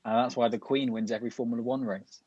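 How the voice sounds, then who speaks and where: Male podcast co-host, husky, jokey chat, dry muffled recording. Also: medium pitch, steady tone, a little mellow, no room sound. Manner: jokey, laughs often, quick tangents. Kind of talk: casual chat. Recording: dull lo-fi, dry room.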